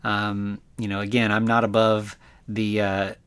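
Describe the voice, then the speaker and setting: A man's voice: fairly low pitch, level tone, a little slow, a bit bright, smooth. Rambling man recapping a movie. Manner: rambling, many fillers. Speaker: podcast host.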